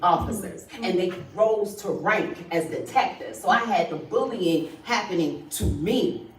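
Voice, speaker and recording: A woman's voice: on the low side, a little slow. A woman giving an impassioned speech to a crowd at a rally, speaking emphatically and calling on listeners directly. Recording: distant, roomy livestream audio with faint noise.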